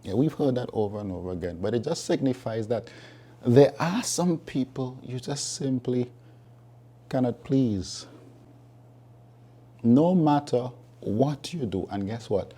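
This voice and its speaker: Male preacher with a mellow, husky voice, emphatic, repeats points for weight. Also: medium pitch, lively intonation, a little slow. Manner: emphatic, repeats key phrases, reasons with listeners. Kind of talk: sermon.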